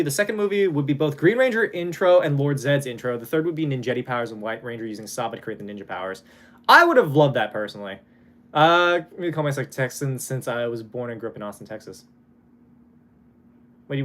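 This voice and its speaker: A man's voice: mid-range voice, a bit bright. A young man from Hawaii chatting casually on a live stream, reading donations and swearing now and then.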